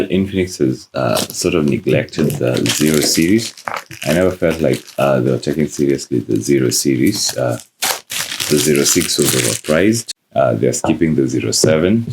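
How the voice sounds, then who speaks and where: Male tech reviewer, very low and gravelly, casual unboxing talk with lots of fillers. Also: background noise. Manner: relaxed, many "uh" fillers.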